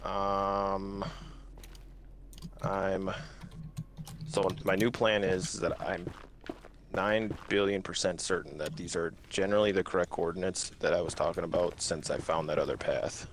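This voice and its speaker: A man's voice: deep voice, fairly even intonation, measured pace, pauses often, noisy background. A man hosting a casual gaming stream, joking crudely and swearing freely. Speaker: streamer host.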